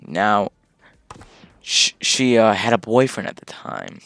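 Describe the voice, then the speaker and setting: Deep gravelly young man telling a story. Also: sing-song, takes it slowly, fairly bright tone, no room sound. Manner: rambling, full of fillers and swearing. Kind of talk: casual storytelling.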